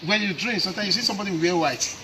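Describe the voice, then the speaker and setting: A pastor quizzes his listeners in a sermon, pushing each point with repeated questions. His voice sits a little high for a man. The recording is full of clear background noise. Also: racing. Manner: questioning, repetitive tag questions, Nigerian Pidgin. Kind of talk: sermon questioning children and congregants.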